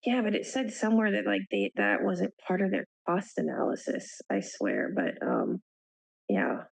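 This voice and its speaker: A woman with a lively, gravelly voice speaks as a member of a board, her voice recorded dry and close. She thinks aloud while hunting for a detail, trailing off and hedging. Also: mid-range voice, normal speed, no room sound, low-quality recording. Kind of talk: meeting discussion.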